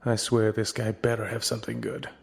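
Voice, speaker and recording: A man's voice: on the low side, little pitch movement, brisk, vocal fry. A man playing a wry, wisecracking private eye. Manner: dry, self-amused first-person narration. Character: wisecracking hard-boiled male private eye. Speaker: narrator and lead detective. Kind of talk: comedic noir radio play. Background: guitar music.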